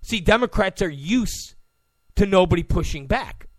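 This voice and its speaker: A man's voice: sits high, animated, measured pace, fairly bright tone, no echo, clean studio sound. A male political commentator giving an opinion monologue in a mocking way, often acting out the people he quotes. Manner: mocking, acts out quoted people in put-on voices.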